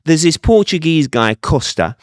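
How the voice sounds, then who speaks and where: Male reporter co-host, wry and playful, very animated pitch, dry room. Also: moderate pace, no room sound. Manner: wry, joking, hesitant fillers. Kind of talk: casual political chat.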